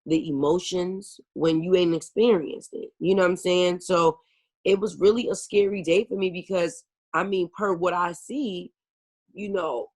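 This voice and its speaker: A woman's voice: fairly low pitch, fairly even intonation, measured pace, darkish tone. A woman singer, a guest on a talk show, speaking earnestly and emotionally over a video call and leaning often on "you know". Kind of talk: casual interview.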